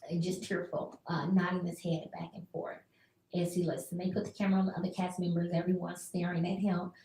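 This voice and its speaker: Woman radio host, mid pitch, chatty and expressive, slightly off-mic in an echoey room. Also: distant mic. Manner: chatty and expressive, acts out quotes with laughs. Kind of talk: casual radio recap.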